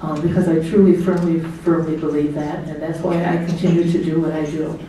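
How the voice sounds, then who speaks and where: A woman's voice: sits low, level tone, brisk, dark tone, a little hiss or hum. A middle-aged woman giving a chatty, anecdotal speech as guest of honor at her party, laughing often and acting out what people said. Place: hotel banquet room. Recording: echoey banquet hall from far off.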